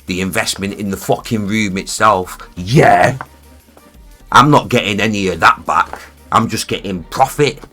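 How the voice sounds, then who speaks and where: A man's voice: fairly low pitch, unhurried, sharp tone, soft background music. A man, streaming live from his home studio and ranting in a heated, sweary way that keeps repeating itself. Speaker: music producer streaming live. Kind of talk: casual livestream rant.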